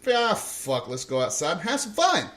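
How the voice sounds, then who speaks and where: A man's voice: sits high, wildly swooping pitch, measured pace, a bit bright, a little hiss or hum. A man, a podcast co-host and army veteran, telling rowdy stories in casual chat, swearing and laughing as he talks. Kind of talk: casual storytelling.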